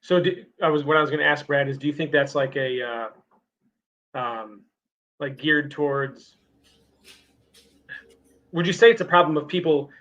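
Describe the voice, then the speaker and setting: A man's voice: on the high side, moderate pace, long pauses, a bit bright, lo-fi sound, a little hiss or hum. A man co-hosting a casual chat, who asks his questions hesitantly and rephrases them as he goes. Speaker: co-host.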